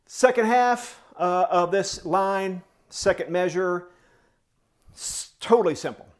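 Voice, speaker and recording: Coaching male drum teacher, slightly high voice. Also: slow. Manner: sings drum rhythms in syllables and counts off tempos; coaching and encouraging. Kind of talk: step-by-step music tutorial.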